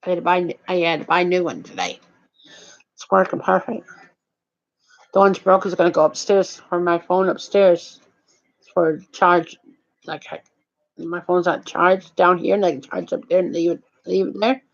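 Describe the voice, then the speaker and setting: An older woman talking in a rambling, halting, profane monologue. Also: lowish voice, steady tone, creaky, lo-fi sound.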